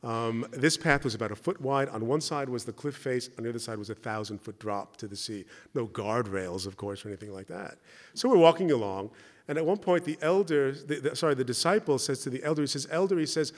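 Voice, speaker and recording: A man's voice: mid-range voice, a little fast. Conversational male speaker in a reverberant hall. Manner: conversational, keeps checking with the audience by asking "right?". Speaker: speaker at a church gathering. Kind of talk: spoken talk with anecdotes.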